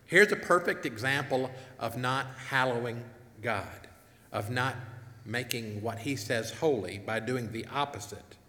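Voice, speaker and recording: Speaking at a measured pace, a man with a medium pitch and sharp tone preaches in a church hall on a wireless mic. He reads scripture and earnestly questions the congregation, his words trailing in the hall's long, echoey reverb.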